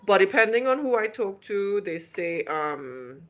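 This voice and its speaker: A woman from Trinidad and Tobago with a faint Trinidadian accent hosts a casual livestream from a hotel room, answering viewer questions in a chatty, rambling way with many restarts. Her medium-pitched, fairly bright voice swings widely in pitch at an unhurried pace.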